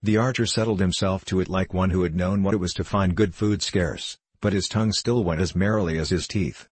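A man narrating a historical novel as an audiobook, in a steady, measured reading. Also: sits low, breathy edge, dry recording.

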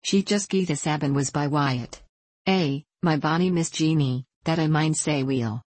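A woman's voice: low-pitched, measured pace, darkish tone, dry recording. Woman doing a blunt old Scottish housekeeper. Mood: lamenting. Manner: forthright, scolding, lamenting.

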